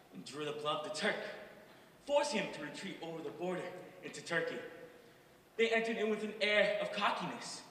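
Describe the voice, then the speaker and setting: A man's voice: on the high side, slight background noise. Dracula, a proud old vampire count, played by a man. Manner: grandiose, swells to shouting. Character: proud ancient male vampire count, boastful. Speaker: stage actor. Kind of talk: stage monologue. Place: school stage. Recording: echoey hall from far off.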